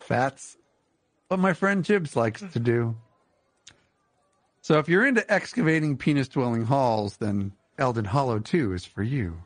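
A man's voice: mid-range voice, lively intonation, normal speed, dry recording. A man co-hosts a casual podcast in a joking, teasing way. His voice moves up and down a lot as he goes. The sound is dry and close, with no room around it. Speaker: podcast co-host. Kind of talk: casual comedic podcast chat.

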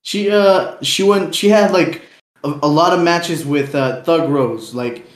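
A man's voice: a little high, measured pace, roomy sound. A young man co-hosting a casual, unplanned podcast, rambling in slang, swearing freely and laughing often. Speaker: podcast co-host.

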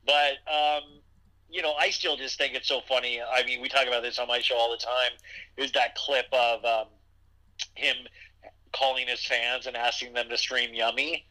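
A man's voice: mid-range voice, flat delivery, moderate pace, sharp tone, rough recording. A man hosting a podcast, chatting casually and rambling with lots of fillers and restarts. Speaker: podcast host. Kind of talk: casual chat.

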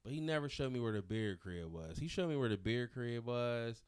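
A man co-hosting a casual radio talk show, telling animated, slang-heavy stories and acting out quotes. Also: mid-range voice, moderate pace, clear, resonant tone. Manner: slangy, animated storyteller who acts out quotes. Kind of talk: casual podcast banter and storytelling.

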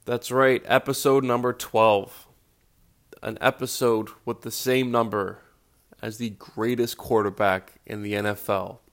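A man's voice: medium pitch, little pitch movement, measured pace. A man hosting a casual solo podcast, with a groggy morning voice, self-deprecating and swearing casually. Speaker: podcast host.

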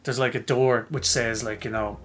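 Soft background music sits under a man's mid-range voice at a moderate pace. He's a podcast co-host in casual chat, animatedly poking fun at himself in a story and voicing the people he quotes.

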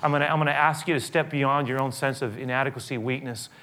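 Middle-aged guy preaching, mid-pitched voice, goes soft then builds loud and urgent. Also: fairly even intonation, quick pace. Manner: builds from quiet reflection to rising, emphatic appeals. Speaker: pastor. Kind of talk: sermon.

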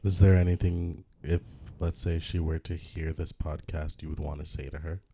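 A woman's voice: rumbling low, fairly even intonation, moderate pace, vocal fry, mellow, breathy edge. A woman co-hosting a casual podcast, joking and teasing with playful interjections. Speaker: podcast co-host.

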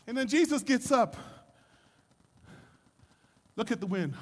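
A man preaching a sermon, moving from calm teaching to shouted, sing-song preaching and acting out voices from scripture. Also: high-pitched, measured pace, long pauses, in a large hall. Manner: acts out voices of scripture figures.

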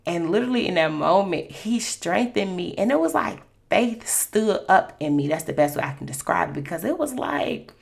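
A woman's voice: lowish voice, lively intonation, moderate pace, creaky, hardly any pauses. A woman hosting a Christian podcast, telling personal faith stories in a conversational way with lots of "you know.". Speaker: podcast host.

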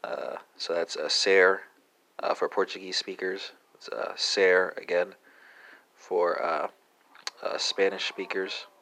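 A man hosting a language lesson podcast, talking through verb forms with lots of "uh" pauses and a habitual "right?", spelling words out letter by letter. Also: low voice, fairly even intonation, gravelly, fairly bright tone. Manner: halting, many "uh" fillers and tag "right?". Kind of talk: casual spoken language lesson.

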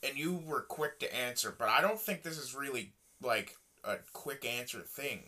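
A bright-toned podcast co-host riffs in casual chat, the pitch bouncing around a lot. The talk is excitable and salted with swearing. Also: normal speed.

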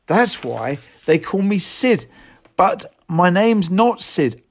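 A man voicing a grumpy, tight-lipped male postal worker who speaks in slow, clipped, irritated words. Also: high voice, big pitch swings, voice pushed up, exaggerated voice.

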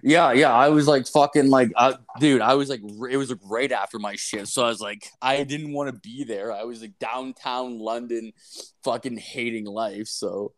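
A man's voice: medium pitch, steady tone, moderate pace. A young man in casual chat, rambling through a story with constant swearing and filler words.

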